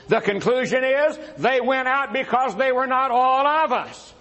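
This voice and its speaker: A man's voice: very high-pitched, lively intonation, unhurried, hardly any pauses, pushed and bright, poor audio. A man giving a preacher-style rebuttal in a religious debate, firing rhetorical questions at his opponent before an audience.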